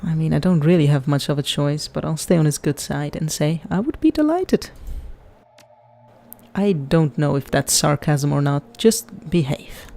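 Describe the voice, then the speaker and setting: Woman gamer narrating a playthrough; mellow voice, dry wry asides. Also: low voice, animated, moderate pace, gravelly. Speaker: gamer reading game text aloud. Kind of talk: casual game playthrough.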